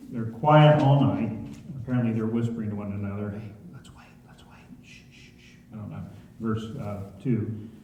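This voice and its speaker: A man's voice: medium pitch, mellow. A man leading a church Bible study in a conversational way, often asking the congregation questions. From Ohio. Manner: conversational, asks the room questions. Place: church sanctuary. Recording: echoey church hall, dull sound.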